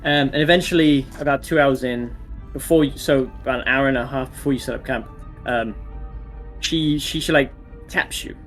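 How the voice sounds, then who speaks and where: A man's voice: mid-range voice, moderate pace, fairly bright tone, soft background music. A man narrating as dungeon master in a tabletop game, talking with many restarts and fillers.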